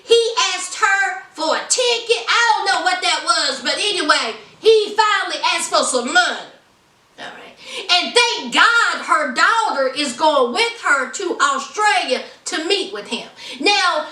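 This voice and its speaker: Woman, podcast host, sassy casual recap, high voice, very animated, roomy distant sound. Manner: sassy, chatty, talks straight to listeners. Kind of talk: casual reality-show recap.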